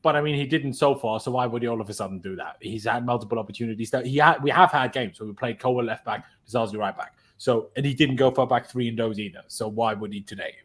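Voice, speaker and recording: A man's voice: medium pitch, quick pace, hardly any pauses. A man hosting a casual football chat on a live stream, opinionated and talking through his reasoning aloud. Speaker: host.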